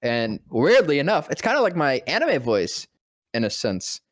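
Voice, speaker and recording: Young male voice actor, rambling, profane storyteller, dry close sound, mid pitch. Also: huge pitch swings, no room sound. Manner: rambling, profane, quick to laugh. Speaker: podcast guest, voice actor. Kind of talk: casual storytelling chat.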